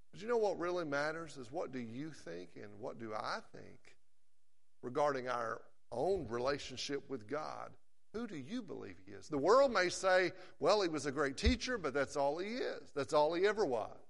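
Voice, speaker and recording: Male preacher, slightly high voice, emphatic sermon delivery, long hall reverb. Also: creaky, a bit bright. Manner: earnest, emphatic, slows down for scripture quotes.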